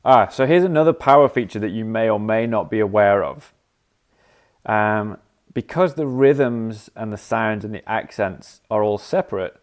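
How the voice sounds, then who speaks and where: On a live stream, a man with a lowish, somewhat mellow voice shows off features of a music app he developed. He thinks aloud as he clicks around, scatting rhythms like "da da."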